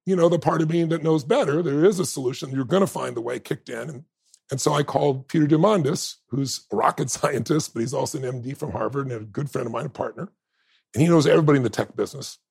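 In a fast, mid-range voice that's gravelly, husky, and a little mellow, a podcast guest in his fifties animatedly shares a personal story. He voices the quoted dialogue himself and laughs a lot along the way.

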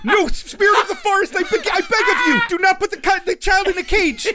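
A man putting on the voice of an earnest young male hero who begs a forest spirit, high and solemn. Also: a little fast, a loud crowd. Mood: imploring. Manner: high, imploring, overly solemn plea.

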